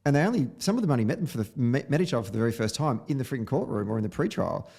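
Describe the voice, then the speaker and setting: A man's voice: mid-range voice, lively intonation, racing, gravelly, warm tone, breathy edge. A man hosting a podcast, giving a blunt, opinionated film review in casual chat, sometimes swearing. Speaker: podcast host.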